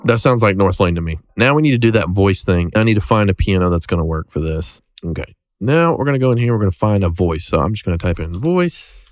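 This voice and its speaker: A man's voice: deep voice, fast talker. A man casually talking through his music production work, joking and thinking aloud as he goes. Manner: relaxed, joking, thinks aloud while working. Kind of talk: casual screen-recorded tutorial chat.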